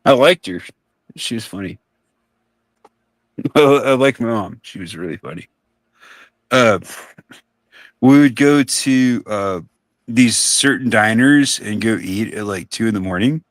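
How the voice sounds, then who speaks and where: A man's voice: fairly low pitch, measured pace, pauses often, dry recording. Laid-back man telling rambling stories. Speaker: co-host on a live stream. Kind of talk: casual storytelling chat.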